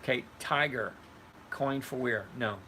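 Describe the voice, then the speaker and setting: A man's voice: mid-range voice, measured pace, sharp tone, slight background noise, poor audio. An older retired man hosting a casual livestream, answering viewers by name in a blunt, conversational way. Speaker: host reading live chat. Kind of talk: casual livestream chat about trading.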